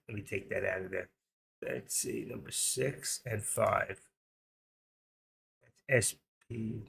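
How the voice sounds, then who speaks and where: This is an older man whose voice is heavily gravelly and husky. He hosts a live trading stream in a rambling, joking way, often thinking aloud as he works. The pitch sits at an ordinary middle level. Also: fairly bright tone. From New York. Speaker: stream host, trader. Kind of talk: casual live-stream chat.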